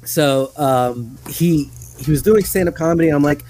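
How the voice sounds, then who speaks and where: Man, fairly high voice, casual rambling chat, lots of ums, podcast guest. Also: moderate pace, darkish tone, a little hiss or hum, low-quality recording. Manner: rambling with many fillers and laughs.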